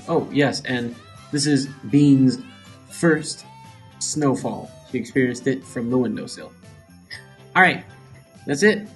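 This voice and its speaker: A man's voice: mid-range voice, measured pace, long pauses, faint music behind. A man hosting his own podcast, chatting casually and rambling, with frequent ums and trailing asides. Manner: rambling, hesitant, many ums. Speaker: podcast host. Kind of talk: casual solo chat.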